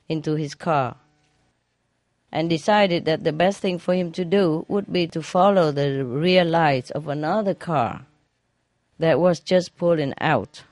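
Slow, chuckling joke teller with a dry, close sound and loose grammar. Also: medium pitch, dry recording. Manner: laughs at own jokes, non-standard grammar. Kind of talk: telling a string of jokes.

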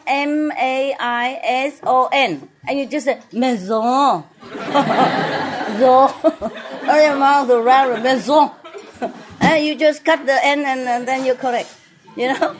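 Playful, slow-talking woman, often laughing. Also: high-pitched. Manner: non-native English grammar. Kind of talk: casual joking chat. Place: restaurant dining table.

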